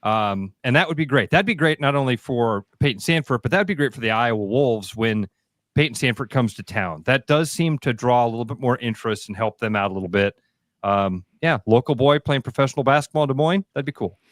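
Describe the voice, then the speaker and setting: A man's voice: mid-range voice, expressive, brisk, no echo, studio quality. A man in his forties co-hosting a sports radio show, talking in an earnest, emotional, casual way.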